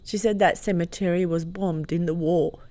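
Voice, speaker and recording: A woman's voice: lowish voice, steady tone, moderate pace, mellow. Woman, fifties, Croatian-born, Croatian speaker, podcast guest, emotional storytelling, laughs often. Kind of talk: casual storytelling interview.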